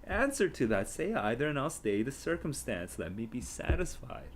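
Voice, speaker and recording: A man's voice: medium pitch, sing-song, normal speed, slight background noise, pitched above the performer's own voice, close to an everyday voice. A man reading aloud as Juliet, an impatient, eager teenage girl pleading for news. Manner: pleading, exasperated.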